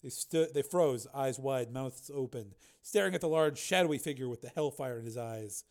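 A man reading a science fiction audiobook aloud, steady and even, now and then correcting a slip. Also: mid-range voice, normal speed. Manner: steady storytelling with occasional slips and self-corrections. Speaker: narrator. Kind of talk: audiobook narration.

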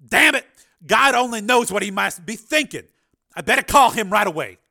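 A harried middle-aged doctor, flustered and quick to exclaim, as a male narrator puts him on. His voice is raised and lively, with a bright edge. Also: high voice, creaky, pitched above the performer's own voice, heavily acted.

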